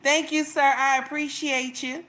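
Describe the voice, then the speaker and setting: Middle-aged woman livestream host, bright voice, emphatic and repetitive. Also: high-pitched, flat delivery, measured pace. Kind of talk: casual livestream commentary.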